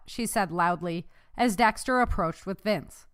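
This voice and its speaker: A woman narrating a novel chapter aloud as an audiobook narrator, telling the story in a steady way. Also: medium pitch, measured pace, hardly any pauses, clean tone. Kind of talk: scripted narration.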